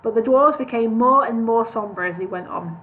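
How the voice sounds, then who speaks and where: On a live stream, a woman with a slightly high voice reads a storybook aloud at normal speed, often correcting herself and apologizing. The audio is tinny and lo-fi with faint noise.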